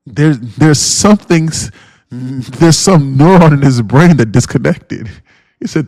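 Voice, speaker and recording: A man's voice: a little high, unhurried, creaky, a little mellow, no room sound, studio quality. A man hosting a day-trading livestream in casual chat, rambling and slangy, firing off blunt rhetorical questions and repeating himself.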